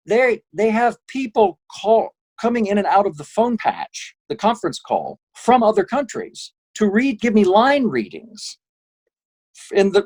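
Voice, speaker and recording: A man, a voice actor guest, telling lively anecdotes in a casual interview and slipping into quick impressions. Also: sits high, rough recording.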